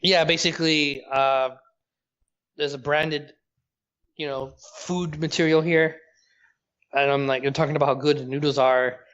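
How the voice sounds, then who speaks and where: A man's voice: a little high, steady tone, measured pace, pauses often, fairly bright tone, smooth. Blunt man on a dull, lo-fi call line. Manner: blunt, opinionated, swearing. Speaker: podcast co-host. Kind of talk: casual gaming chat over a call.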